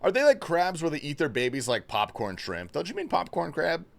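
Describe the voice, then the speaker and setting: Man, young adult, livestream host, casual chat, swears, jokey, lively pitch, slightly high voice. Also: a little fast, creaky. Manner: loose, joking, swears a lot; reads and thanks chat messages.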